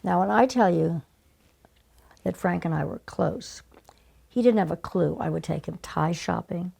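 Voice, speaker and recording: An older woman telling stories as an interview guest, animated and conversational. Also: fairly low pitch, measured pace, gravelly, breathy edge. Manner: animated, conversational, acts out remembered exchanges. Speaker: guest, former casting director. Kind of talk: storytelling in conversation.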